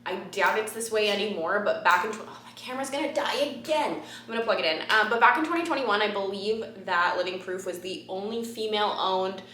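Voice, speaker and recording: A young woman talks through a beauty haul in a loose, rambling way, full of ums and the odd curse. Her voice is bright and forward. The room around her is echoey and roomy, like an apartment living room. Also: mid-range voice, a little fast, few pauses, slight background noise. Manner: chatty and rambling, with frequent ums and casual swearing. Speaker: beauty vlogger. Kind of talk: casual haul chat to camera.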